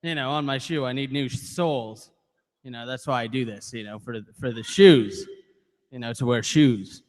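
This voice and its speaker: A man's voice: mid-range voice, moderate pace, darkish tone. A man hosting a cafe open mic, rambling and joking crudely between acts in a live venue. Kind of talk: joking stage banter. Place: cafe performance space. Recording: hall reverb from live venue.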